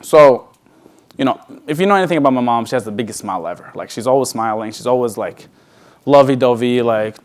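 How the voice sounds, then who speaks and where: A man addresses a large event hall with a personal story. His voice sits at a middle pitch. He talks casually, repeating and restarting words, and sinks to a hushed tone in the tender parts. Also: a little fast. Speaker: speaker at a sales event. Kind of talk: emotional personal story on stage.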